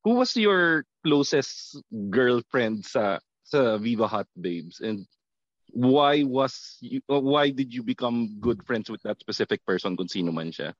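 A man with a Filipino accent hosting a casual interview and asking questions in a relaxed way. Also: mid-range voice, unhurried, no room sound, highs cut off. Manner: relaxed questioning, mixing English and Tagalog. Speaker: host.

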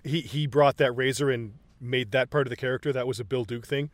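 A man co-hosting a casual film chat, excited and profane, acting out movie lines as he retells scenes. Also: mid-range voice, brisk, dry recording. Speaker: podcast co-host.

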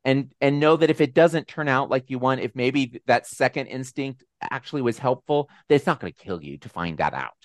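A man hosting a casual video call, telling a personal story in an animated, self-deprecating way. His voice sits in a middle register and sounds dry and close, with no room around it. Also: mid-range voice, fairly quick, few pauses, dry recording. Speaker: host. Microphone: video call mic.

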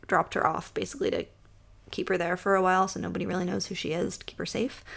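Long island woman rattling off a book recap on her podcast, talks fast, lots of fry. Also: mid-range voice. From Long Island, New York. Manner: fast-talking, laughing, swearing casually. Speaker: podcast co-host. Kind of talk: casual chat, recapping a book.

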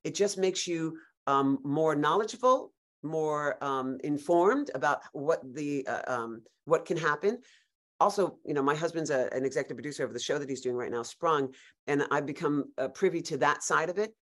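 A woman actor as a podcast guest, telling lively stories in a casual, animated way with frequent restarts. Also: sits low, moderate pace. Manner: animated storyteller, many restarts and laughs.

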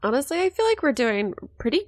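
A woman's voice: sits high, big pitch swings, fast talker. A woman playing a tabletop game in casual chat, giggly and enthusiastic. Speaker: player.

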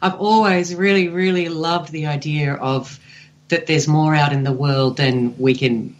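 A woman's voice: sits low, steady tone, a little slow, muffled recording. Chatty Australian woman on radio. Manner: bright, friendly, chatty. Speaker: community radio host and guest. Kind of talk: radio presenting and interview.

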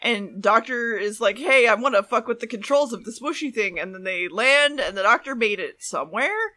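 A woman's voice: fairly high pitch, expressive, normal speed, pushed and bright. A woman co-hosting a casual podcast, recapping a TV episode in a rambling, exasperated way with frequent laughs. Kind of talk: casual chat.

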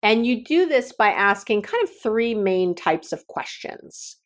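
A woman's voice: medium pitch, measured pace. A middle-aged woman, a coach, giving podcast advice and telling stories with acted-out dialogue. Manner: animated storytelling, acts out quoted dialogue. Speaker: relationship coach and consultant.

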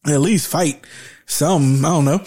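A man hosting a casual commentary podcast, animated and profane, laughing often. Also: a little high, moderate pace. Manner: animated, profane, laughs a lot, mock-panicked voices. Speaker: podcast host.

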